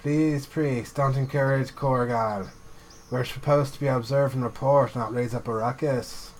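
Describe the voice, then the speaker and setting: A man's voice: mid-range voice, steady tone, a little slow, slight background noise, natural voice, rough recording. A man putting on a wry Jamaican-accented troll scout. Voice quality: put-on accent, reading quest text aloud.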